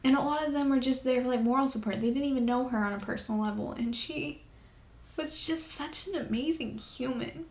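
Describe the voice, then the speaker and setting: A woman's voice: high-pitched, a little mellow. Emotional young woman in an echoey room. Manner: emotional, halting, with many fillers. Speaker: podcast host. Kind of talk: personal confessional talk.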